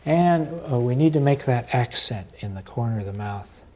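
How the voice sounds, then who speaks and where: A man teaching an oil portrait step by step, talking calmly with pauses while he paints. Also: medium pitch, a little hiss or hum. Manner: slow, unhurried and calm, with pauses while working. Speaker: painting instructor.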